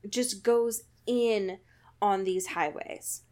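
Slow-talking sarcastic woman, laughing. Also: mid-range voice, steady tone, darkish tone. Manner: sarcastic, laughs often, reads passages in mock voices. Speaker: podcast co-host. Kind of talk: casual chat.

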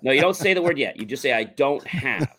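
A man's voice: mid-range voice, animated, a little fast, a bit bright. A man on a talk show explaining a mindset technique, coaching listeners and acting out repetitive self-talk.

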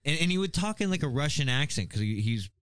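A man's voice: fairly high pitch, sing-song, fast talker, a bit bright, clean tone, no room sound. A man co-hosting a podcast, telling casual, profane, rambling stories. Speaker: podcast co-host. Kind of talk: casual chat.

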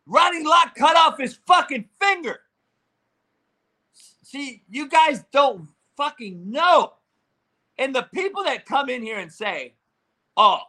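High-voiced man ranting about sports. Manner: profane, combative, shouting bursts. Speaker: sports commentator.

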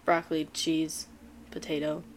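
A woman's voice: deep voice, completely flat delivery, unhurried. A congested young woman co-hosting a podcast, laughing a lot and tossing in teasing asides. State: congested, sniffly. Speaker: podcast co-host. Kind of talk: casual chat.

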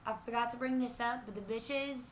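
A woman's voice: on the high side, fairly even intonation, brisk, roomy sound, a little hiss or hum. A woman in a casual chat, blunt, crude and mocking.

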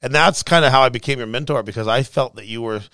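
A man who is a pastor and mentor, recalling a story in a casual chat with dry, deliberate emphasis. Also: mid-range voice, fairly bright tone, no room sound.

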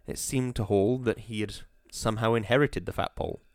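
A man reading an audiobook in a measured, atmospheric storytelling manner. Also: on the low side, fairly even intonation, darkish tone, no room sound, clean studio sound. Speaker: narrator. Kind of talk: audiobook narration.

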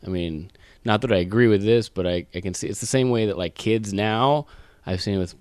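A man in his thirties, a podcast guest, talking in a hesitant, low-key way. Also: a little fast, a little mellow, no room sound. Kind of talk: casual interview chat.

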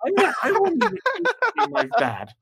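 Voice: extremely high pitch, wildly swooping pitch, quick pace, gravelly, a bit bright, no room sound, voice pushed up, heavily acted. A game master voicing a horrified male cult devotee who stammers in shock. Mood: appalled. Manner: rattled, stammering.

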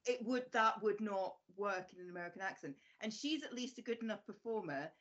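A woman's voice: medium pitch, animated, a little fast, a bit bright, dull audio. A woman on a casual film podcast explains musical theatre knowingly and emphatically, with some swearing. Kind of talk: casual film review chat.

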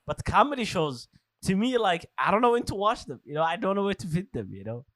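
A man's voice: high-pitched, a little fast, no room sound. A young man co-hosting a casual podcast, swearing freely and laughing as he tells stories. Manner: swears freely, laughs often, animated storytelling. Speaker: podcast co-host.

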